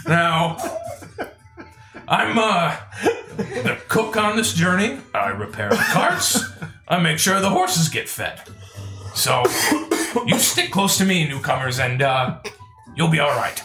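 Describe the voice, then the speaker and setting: A man's voice: on the high side, big pitch swings, slow pace, pauses often, music in the background, pitched above the performer's own voice, full character voice. A man voicing a plump, wrinkled old male wagon cook who talks in a hearty, folksy drawl. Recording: echoey room.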